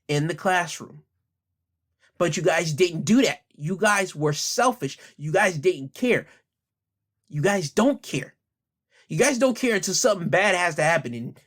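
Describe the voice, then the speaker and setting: A man hosting an opinion podcast, heated and blunt, hammering the same rhetorical questions and speaking in casual slang while holding back his anger. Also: high-pitched. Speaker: podcast host.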